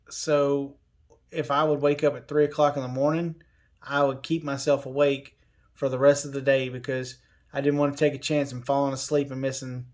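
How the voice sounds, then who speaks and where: A man tells a personal story casually, in an unhurried way. He drifts through fillers and restarts and quotes the people around him. His voice sits at an ordinary middle pitch. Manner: unhurried, lots of fillers and restarts, quoting others. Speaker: covid survivor telling his story.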